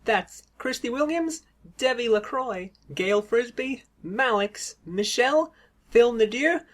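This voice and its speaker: A woman's voice: a little high, expressive, takes it slowly. A woman hosting a casual media review, blunt, sardonic and full of swearing. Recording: roomy echo.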